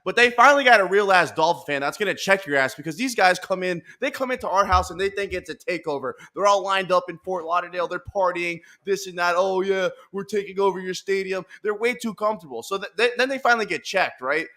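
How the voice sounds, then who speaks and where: A man hosting a casual podcast, talking in animated, profane rants with bursts of laughter. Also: sits high, quick pace, few pauses. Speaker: podcast host.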